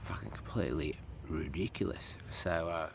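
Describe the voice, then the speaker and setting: A man's voice: very deep voice, normal speed, background noise. An Australian man ranting profanely and indignantly to camera as a vlogger. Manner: indignant, swears heavily.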